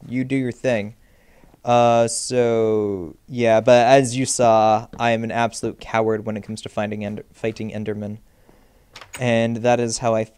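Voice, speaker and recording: A man's voice: mid-range voice, fairly even intonation, unhurried, a little mellow. A young man commentating his own gameplay, jittery and self-mocking, yelping and pleading at monsters. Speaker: Minecraft let's player. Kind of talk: game commentary.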